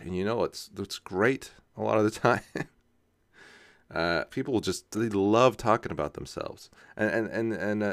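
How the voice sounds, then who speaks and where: A young man talks his way through a loose solo podcast. He laughs at himself and keeps asking "right?" as he goes. His fairly low voice sounds smooth and close, with almost no room sound. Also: dry recording. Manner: casual, self-mocking, laughs often, says "right?" a lot. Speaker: podcast host. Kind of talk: rambling solo podcast monologue.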